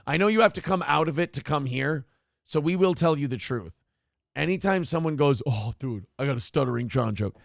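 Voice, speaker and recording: A man's voice: medium pitch, vocal fry, a bit bright, dry recording, clean studio sound. A man hosting a solo livestream show. He gives crude comedic commentary, reads chat messages aloud and acts out lines in a mocking voice.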